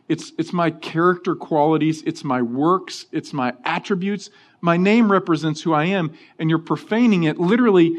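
A middle-aged man preaching, with a somewhat high voice. He tells stories in an animated, conversational way and acts out the people he quotes. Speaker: pastor. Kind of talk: sermon with personal stories.

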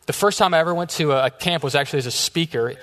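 A man preaching a sermon, telling stories with lively quoted back-and-forth. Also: a little high, rapid-fire. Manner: storytelling with quoted dialogue. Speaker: pastor. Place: church sanctuary. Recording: long hall reverb.

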